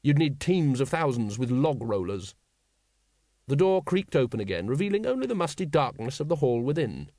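Male audiobook narrator, wry and measured, mid pitch, dry close recording. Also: big pitch swings, mellow, dry recording. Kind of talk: scripted narration.

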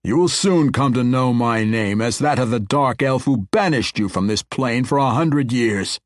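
A man voicing a proud, boastful male dark elf weapons master in an audiobook, with a haughty, proclaiming delivery. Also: mid-range voice, expressive, normal speed, no echo, studio quality, natural voice. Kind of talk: audiobook character voice.

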